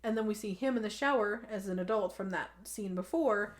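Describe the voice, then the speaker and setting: Animated woman recapping a movie. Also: medium pitch, fairly quick. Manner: animated storytelling, swears freely, says 'like' often. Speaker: podcast host. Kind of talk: casual movie recap chat.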